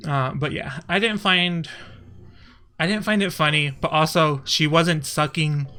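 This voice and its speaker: Chatty young man from Texas, bright voice. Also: a little high, unhurried, soft background music. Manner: chatty, laughing often, trailing off. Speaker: streamer. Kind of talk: casual stream commentary.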